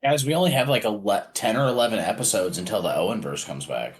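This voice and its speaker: Man, podcast co-host, lowish voice, dry crude quips, casual chat. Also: lively intonation, quick pace, breathy edge, low-quality recording.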